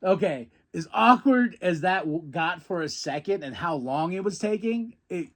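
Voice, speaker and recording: A man hosting a podcast, giving an excited casual recap, animated and swearing, with bursts of yelling when thrilled. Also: sits high, moderate pace. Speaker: podcast host recapping wrestling.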